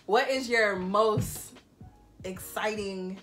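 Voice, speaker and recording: Bright-toned female vlogger, casual and teasing, light music bed. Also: mid-range voice, extremely slow. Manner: playful, teasing interruptions. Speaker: vlogger hosting a Q&A. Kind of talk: casual chat.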